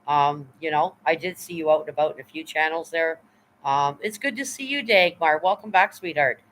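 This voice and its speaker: A woman's voice: deep voice, normal speed, fairly bright tone, low-quality recording. Blunt, profane woman live-streaming. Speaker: livestream host. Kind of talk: casual live-stream chat.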